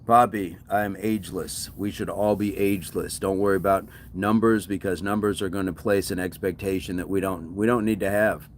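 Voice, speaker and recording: A man's voice: low voice, steady tone, brisk, few pauses, slight background noise. A man hosting a fitness livestream, chatting casually and answering viewer comments with encouragement.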